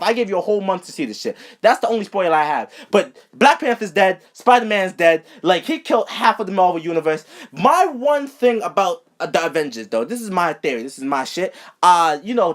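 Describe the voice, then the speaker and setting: A man hosting a casual movie review show, talking animatedly and profanely and acting out characters in quick asides. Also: high voice.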